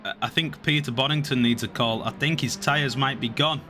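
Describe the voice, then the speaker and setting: A man commentating a sim race, calling positions and getting excited at incidents. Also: medium pitch, soft background music. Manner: excitable, calls positions quickly.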